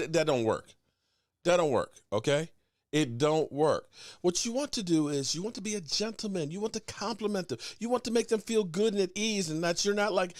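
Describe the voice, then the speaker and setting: A man hosting a loose sports talk stream, talking in a fairly high voice that swings widely in pitch. He rambles and trips over his words. His close mic sounds dry, with no room echo. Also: fairly quick. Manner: animated, rambling, stammers and restarts; greets chat viewers by name. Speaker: sports talk show host. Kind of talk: casual live-stream chat.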